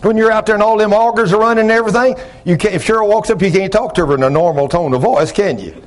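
An older man preaching a folksy sermon, talking loud and gruff, telling plain-spoken stories and asking the congregation questions. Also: high voice, quick pace. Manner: loud, gruff, rising into shouts when acting out stories; plain-spoken, ungrammatical storytelling with audience questions.

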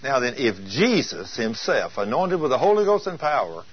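Brief: male preacher, emphatic sermon delivery, husky voice, dull lo-fi tape. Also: mid-range voice, sing-song, moderate pace. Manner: emphatic, asks rhetorical questions. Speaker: preacher teaching on healing. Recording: dull lo-fi taped teaching.

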